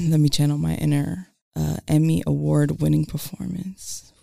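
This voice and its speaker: A podcast co-host in casual chat, telling stories with animated delivery and free swearing. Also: medium pitch, unhurried, gravelly, no echo, clean studio sound. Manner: animated storyteller, swears freely.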